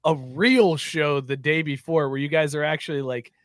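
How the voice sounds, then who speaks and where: Male host for casual sports podcast chat, slightly high voice, dry close recording, quick to laugh. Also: steady tone, a bit bright, no room sound. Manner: laughs often, eager storyteller.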